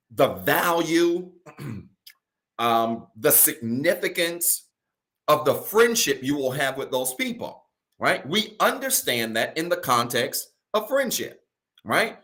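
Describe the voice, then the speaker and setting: A male pastor preaching a sermon to a virtual congregation from home, colloquial, often calling his listeners y'all, slowing down to stress key phrases and rushing through asides. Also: a little high, a bit bright. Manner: preaching with slow emphatic stretches and quick asides.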